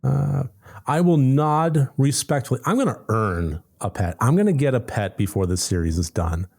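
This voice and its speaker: A man's voice: mid-range voice, animated, normal speed, creaky, a little mellow. A man playing a story game, reading its text aloud and making wry, sarcastic asides. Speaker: let's play gamer.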